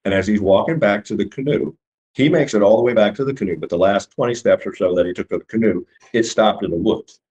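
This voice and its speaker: A middle-aged man telling his own story in casual speech, halting and full of restarts as he acts out what was said. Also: on the low side, darkish tone. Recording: dull lo-fi recording.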